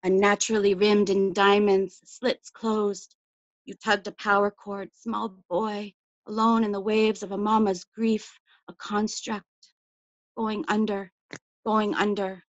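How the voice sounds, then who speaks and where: A woman giving a measured, intimate poetry reading over a video call, her phrases trailing off quietly. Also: mid-range voice, level tone, no echo, highs cut off. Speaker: poet.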